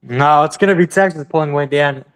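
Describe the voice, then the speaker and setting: Excited young-sounding sports fan man. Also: a little high, racing, smooth. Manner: excited, boastful fan banter. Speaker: podcast co-host. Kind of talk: casual sports chat.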